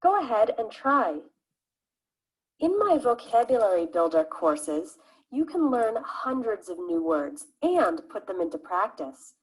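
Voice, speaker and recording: A woman's voice: mid-range voice, sing-song, unhurried, husky, rough recording. A woman reading vocabulary examples and explanations in a plain, scripted way. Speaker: English teacher. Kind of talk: scripted lesson narration.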